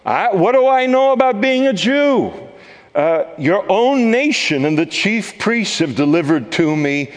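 A preacher voicing an incredulous Roman governor. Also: male voice, very animated, unhurried, in a large hall. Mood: exasperated. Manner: exasperated questioning, raised pitch. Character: incredulous Roman governor, middle-aged man.

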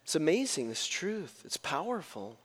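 A man preaching a sermon as pastor, telling stories with big swings in pitch and loudness. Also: big pitch swings, moderate pace, in a large hall.

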